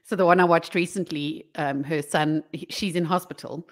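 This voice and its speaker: A woman's voice: sits low, steady tone, normal speed. A woman chatting casually and retelling a comedy sketch. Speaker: podcast co-host. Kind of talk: casual chat.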